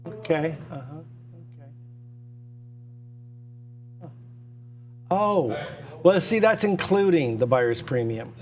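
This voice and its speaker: A man's voice: on the high side, sing-song, slow pace, pauses often, a little mellow. A man hosting a live online auction, talking at a computer in repetitive, pushy salesman patter with stammered restarts. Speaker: auctioneer and livestream host. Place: indoors at a computer.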